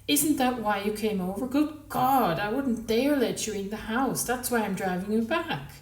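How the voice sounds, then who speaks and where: A woman reading a novel aloud, voicing a brash, volatile, flirtatious married woman who exclaims loudly. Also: a little high, moderate pace, recorded from a distance, voice pushed up, lightly acted. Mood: teasing, defiant. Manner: loud, exclaiming, mercurial. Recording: roomy, from the mic.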